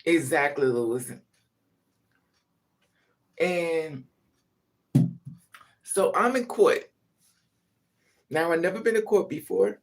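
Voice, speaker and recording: Speaking slowly and pausing often, this man has a higher-pitched voice. He's a vlogger sharing frank family stories on camera, bluntly and emphatically, with plenty of swearing and side comments.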